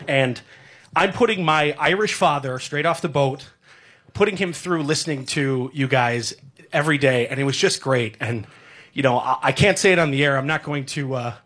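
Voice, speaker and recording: A man's voice: on the high side, moderate pace, a bit bright. A man in his thirties, a radio sports director, giving a rambling, heartfelt farewell tribute on air with many fillers.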